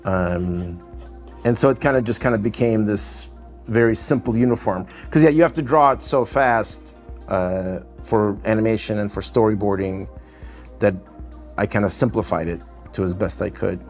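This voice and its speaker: A middle-aged man with a Russian accent and a lowish voice talks at a normal speed over soft background music. He's an animation director in a casual interview, rambling loosely and padding his speech with fillers, often tacking on "you know" and "right?".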